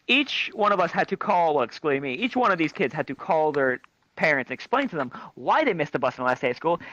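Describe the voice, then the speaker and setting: Lively, crude male storyteller. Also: fairly high pitch, no echo. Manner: crude, animated, shrieks quoted lines. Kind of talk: comic anecdote told to a crowd. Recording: dry, dull lo-fi mic.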